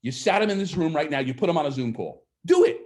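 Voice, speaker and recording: Animated man pitching to a room. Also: fast. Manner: energetic, asks the audience questions, acts out quoted clients. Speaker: real estate sales trainer. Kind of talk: live seminar talk to an audience.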